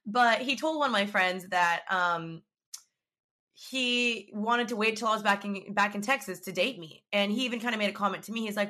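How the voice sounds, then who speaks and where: A woman's voice: medium pitch, brisk, sharp tone. A young woman hosting a podcast, chatting casually and animatedly retelling her story with quoted back-and-forth. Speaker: podcast host.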